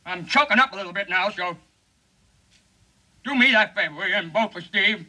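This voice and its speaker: Man doing a shifty campaign pitchman, high bright voice, glib folksy patter, 1950s comedy bit. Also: normal speed, heavily acted, rough recording. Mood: pleading. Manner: glib, folksy, over-earnest sales patter. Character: fast-talking male campaign pitchman, shifty.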